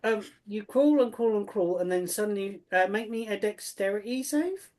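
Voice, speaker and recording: A woman's voice: medium pitch, normal speed, darkish tone. A woman narrating as game master, playful and often laughing.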